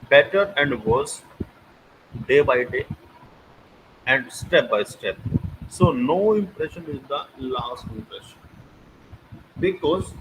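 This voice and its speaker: A man with an Indian English accent giving an online lecture as a teacher, emphatic, posing rhetorical questions and repeating key phrases. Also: a little high. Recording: noisy recording with clicks.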